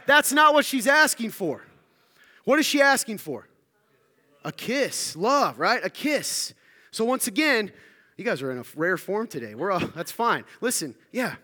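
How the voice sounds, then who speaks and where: Here a Southern man addresses his congregation in a sermon full of jokes and playful questions for the audience. His voice is high with a sharp tone, and long reverb fills the hall.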